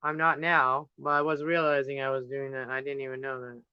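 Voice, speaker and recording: A man's voice: mid-range voice, level tone, a little fast, smooth, no room sound, dull audio. A man chatting casually on a home livestream while painting, thinking aloud and drifting from topic to topic. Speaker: livestream host painting on camera. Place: indoors at home.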